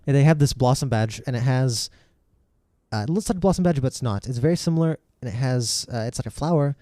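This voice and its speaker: A man's voice: medium pitch, animated, quick pace, mellow, no room sound, clean studio sound. A man narrating a tabletop game as game master, rambling with lots of fillers and restarts.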